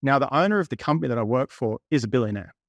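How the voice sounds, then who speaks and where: Man in his 30s, creaky voice, dry close sound, candid interview storyteller. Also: mid-range voice, lively intonation, racing, no room sound. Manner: candid, retells conversations at length. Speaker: property investor guest.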